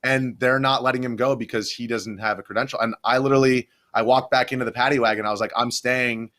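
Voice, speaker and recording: A man's voice: mid-range voice, steady tone, fast, fairly bright tone. A young adult man, a video journalist, rambling through a story in a casual podcast interview, full of restarts and fillers.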